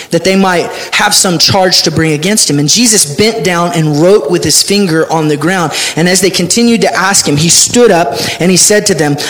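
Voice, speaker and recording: A male pastor preaching a sermon, reading scripture aloud with animated delivery. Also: high voice.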